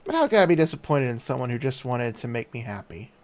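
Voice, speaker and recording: A man reading a kind male commander's game lines in a gentle, reassuring voice. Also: mid-range voice, sing-song, quick pace. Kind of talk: reading game dialogue aloud.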